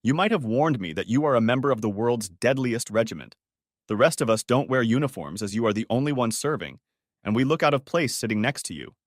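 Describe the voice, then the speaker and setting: A man's voice: mid-range voice, expressive, fairly quick, dry recording, studio quality, natural voice. A man voicing a friendly middle-aged company boss in an audiobook story, chiding in a wry, good-natured way.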